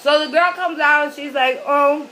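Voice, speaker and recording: A woman's voice: high-pitched, normal speed, bright, forceful tone, a little hiss or hum, poor audio. A woman vlogger telling a story in a chatty, rambling way while she eats, with lots of fillers. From New York City. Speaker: mukbang vlogger. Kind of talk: casual storytelling while eating.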